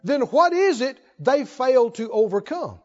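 A man's voice: very high-pitched, big pitch swings, normal speed, highs cut off. A man preaching a sermon, asking questions and answering them in a folksy, call-and-response way.

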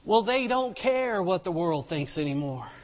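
A man's voice: high voice, very animated, normal speed. A man preaching a sermon in a folksy storytelling way, acting out the people in the story as he goes. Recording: dull lo-fi sound with long reverb.

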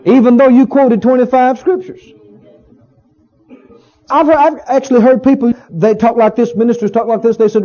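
A man's voice: very high-pitched, fairly even intonation, moderate pace, long pauses, mellow. A male pastor preaching a sermon in a folksy, emphatic way, often repeating his phrases for weight. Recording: dull lo-fi recording.

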